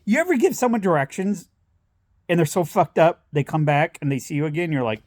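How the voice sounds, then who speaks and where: A man's voice: fairly high pitch, expressive, fairly quick, darkish tone, no room sound, clean studio sound. Rambling, cussing man telling stories. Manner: rambling, profane, laughs through his stories. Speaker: vlogger. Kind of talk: casual storytelling.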